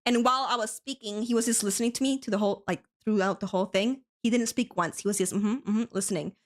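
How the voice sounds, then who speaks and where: A woman's voice: medium pitch, quick pace. A young woman from Spain with an American accent, chatting casually on an art stream, laughing often and swearing freely. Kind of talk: casual chat while drawing on stream.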